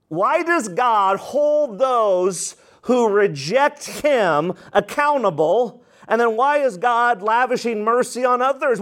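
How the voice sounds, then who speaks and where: A man pastor preaching a sermon, acting out prayers with dramatic rises and drops in his voice. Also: high voice.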